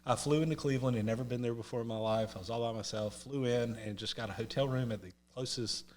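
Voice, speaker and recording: A man's voice: mid-range voice, fast talker. A man from North Carolina, a podcast guest telling humorous stories in casual chat and acting out the voices he quotes. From North Carolina, US South. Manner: animated, humorous storyteller who acts out quoted voices.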